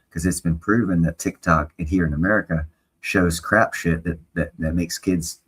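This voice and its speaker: A man's voice: low voice, breathy edge. A man chatting on a casual livestream, blunt and opinionated, swearing freely.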